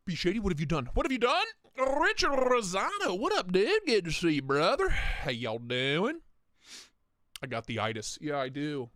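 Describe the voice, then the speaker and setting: A man's voice: fairly high pitch, a bit bright, dry recording, studio quality. A man hosting a casual livestream, joking and rambling as he greets viewers by name. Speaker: livestream host.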